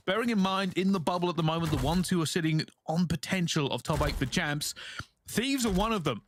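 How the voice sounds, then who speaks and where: A man doing esports analysis, animated and laughing often. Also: sits high, slight background noise. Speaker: esports caster. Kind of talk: analyst commentary.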